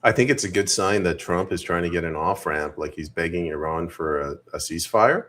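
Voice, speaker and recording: A man from Canada co-hosting a political podcast, weighing his opinions with a wry, measured tone. His voice is deep and low-pitched. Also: fairly bright tone. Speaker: podcast co-host. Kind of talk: casual political chat.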